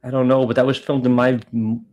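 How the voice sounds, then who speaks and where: A man's voice: medium pitch, level tone, brisk, a little mellow. A man co-hosting a comedy podcast, dropping dry one-line quips and interjections. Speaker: podcast co-host. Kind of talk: casual comedy podcast chat.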